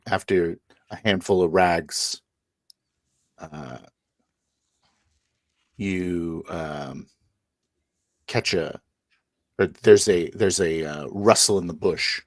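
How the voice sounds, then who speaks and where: A man narrating a tabletop game as game master, halting often with fillers and restarts. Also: sits low, no room sound, studio quality.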